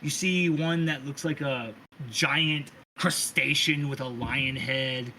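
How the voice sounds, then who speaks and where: A man's voice: mid-range voice, slow, slight background noise, low-quality recording. A man narrating a tabletop role-playing game as game master, casual and profane. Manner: casual, profane, lively describing.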